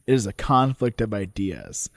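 A man voicing a courtroom orator with a rising, sweeping delivery. The lines come slow and weighty with dramatic pauses, read dry and close to the mic. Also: on the low side, very animated, no room sound. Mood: impassioned. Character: impassioned male courtroom orator.

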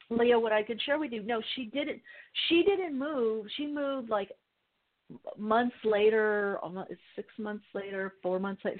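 A woman hosting a call-in radio show as a mystic healer, telling stories with animated quoted voices. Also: mid-range voice. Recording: narrow phone-like sound.

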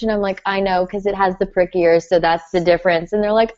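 A woman's voice: on the low side, fairly even intonation, fast talker, few pauses, a little mellow, muffled recording, soft background music. A woman co-hosting a podcast in casual chat, talking animatedly with giggles and playful bragging. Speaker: podcast co-host.

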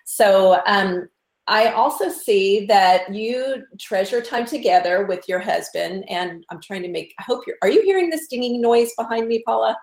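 A woman from Texas with a Texan accent, hosting an interview in a casual, giggly way and often pausing on fillers. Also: medium pitch, lively intonation. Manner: warm and giggly, with some hesitant fillers. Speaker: interview host. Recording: echoey room.

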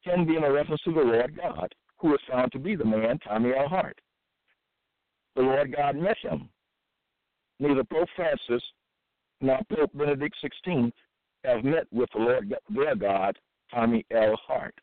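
Halting man preaching over a tinny line. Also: medium pitch, no room sound. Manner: halting and repetitive, with many fillers and restarts. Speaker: self-styled preacher. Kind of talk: scripture-reading monologue. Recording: dry, tinny phone-like sound.

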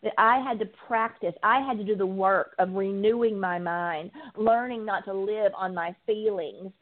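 A woman guest speaks earnestly and from the heart about her recovery. Her voice sits at an ordinary middle pitch, and she often pauses on filler ums. The sound is thin and narrow, like a phone line. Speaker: guest, addiction recovery coach. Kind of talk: personal testimony in an interview.

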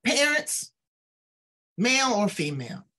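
A woman host who breaks in to lecture parents in a blunt, emphatic way, with a husky voice. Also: a little high, big pitch swings, slow pace, sharp tone. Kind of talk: preachy direct address.

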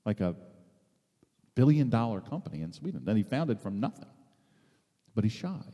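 A man's voice: lowish voice, very animated, normal speed, warm tone, long reverb tail. A man giving an informal, conversational sermon as a preacher, rambling with many restarts and asides.

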